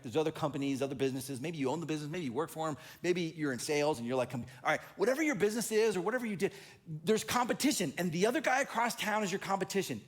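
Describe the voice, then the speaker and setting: A man preaching in a relaxed, conversational way, slipping into other people's voices as he tells stories. His voice sits a little high and swings widely in pitch, which keeps his delivery animated and expressive. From Oregon. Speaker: pastor. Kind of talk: conversational sermon.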